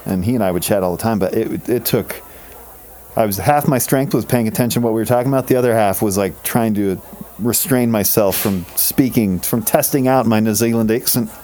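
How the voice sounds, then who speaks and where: A man's voice: fairly low pitch, fairly quick, mellow. A man from Colorado co-hosting a show, rambling through playful tangents in casual comedic banter. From Colorado, USA. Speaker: podcast co-host.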